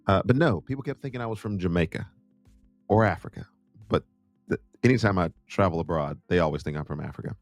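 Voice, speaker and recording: A man's voice: sits low, fast, no room sound, faint music behind. A man from the United States hosting his own show, telling travel stories in a casual, jokey way. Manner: animated, jokey, puts on voices in quotes. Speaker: host. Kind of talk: casual storytelling.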